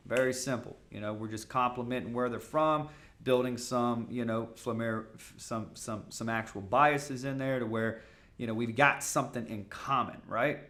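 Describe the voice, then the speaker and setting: A man teaching a sales masterclass in a casual, coaching way, often bursting into loud, high-pitched practice call openers. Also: steady tone. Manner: casual, coaching, fast talk with fillers. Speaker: sales trainer.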